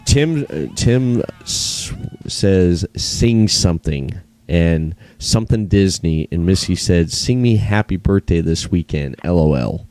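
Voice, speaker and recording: A man's voice: deep voice, expressive, slow, hardly any pauses, darkish tone, dry recording, faint music behind. A man hosting a podcast in casual wrestling chat, easygoing, laughing often and repeating his phrases. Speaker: podcast host.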